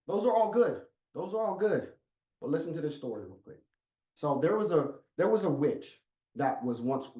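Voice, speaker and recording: A man's voice: fairly high pitch, a little mellow. A man coaching an online audience with an emphatic, repetitive storytelling delivery, heard over a video call. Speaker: life coach. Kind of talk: motivational talk. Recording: echoey, muffled sound.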